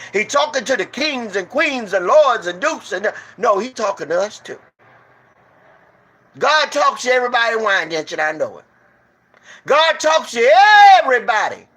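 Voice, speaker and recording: Telling a story as he preaches informally, a man speaks with emphasis, restating his rhetorical questions and stumbling over restarts. His storytelling rises and falls between low and loud.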